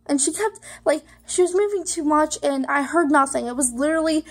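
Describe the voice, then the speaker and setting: A woman's voice: high-pitched, moderate pace. A young woman vlogger telling a personal story to the camera, rambling with many fillers and emotional, holding back tears.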